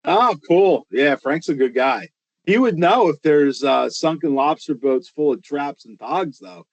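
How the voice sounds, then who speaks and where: Measured man, dry close sound. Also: fairly high pitch, lively intonation, no echo, dull audio. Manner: measured, careful, hedging. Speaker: guest, artificial reef program worker. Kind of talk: casual chat.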